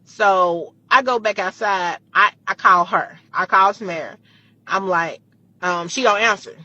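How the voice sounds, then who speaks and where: Bright-voiced woman telling a heated story. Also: medium pitch, measured pace, no room sound, dull audio. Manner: animated, profane, heated retelling. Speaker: storytime vlogger. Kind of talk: casual storytelling.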